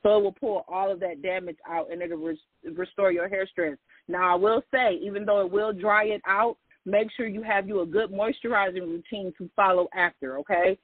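High-voiced man on a tinny line. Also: fairly even intonation, normal speed, few pauses, husky, dry recording. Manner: chatty, gives hair tips, often addresses listeners as "y'all". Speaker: podcast host. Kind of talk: casual podcast chat.

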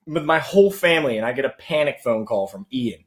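A man's voice: mid-range voice, a little fast, noisy background. A young man casually telling a story among friends, quoting what others said. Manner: animated storyteller, quotes friends.

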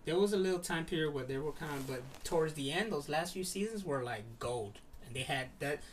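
A man chatting casually, animated and full of fillers, now and then swearing. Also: a little high, fairly quick, far from the mic, slight background noise. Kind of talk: casual chat.

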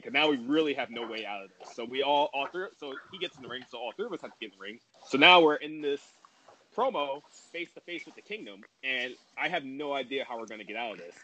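Fast-talking man rambling through a story. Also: medium pitch, bright, forceful tone, slight background noise, poor audio. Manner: fast, filler-heavy and rambling with many "like"s. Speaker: wrestler guest. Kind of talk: casual storytelling.

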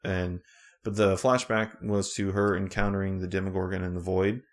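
Recapping a show with his podcast partner, this man talks at a normal speed in a low-pitched voice. His chat is relaxed and casual, wandering and packed with fillers.

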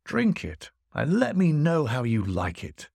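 A man's voice: wildly swooping pitch, unhurried, creaky, darkish tone, breathy edge, no echo, full character voice. A boastful, teasing rich host, put on by a man in a raised, swooping voice that keeps pressing dish after dish. The sound is close and dry, with no room around it. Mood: pressing, showy. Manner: high, insistent, grandly pressing food on a guest. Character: boastful wealthy male host, teasing and showy. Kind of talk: storytelling voice acting.

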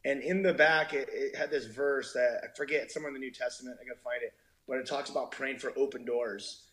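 An animated man telling stories as a podcast guest, acting out the voices of people he quotes. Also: medium pitch, fast talker. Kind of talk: casual conversation.

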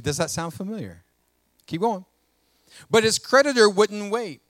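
Male pastor, high and expressive, reads scripture with asides to the church. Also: dry recording, studio quality. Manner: animated preaching with call-outs to the congregation; reads scripture aloud and comments between verses. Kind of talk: sermon.

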